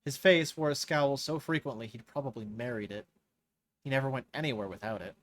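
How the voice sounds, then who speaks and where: A man hosting a live reading of a novel, narrating in a measured way and rereading lines he stumbles on. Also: medium pitch. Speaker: host reading a novel aloud. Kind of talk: scripted narration read aloud live.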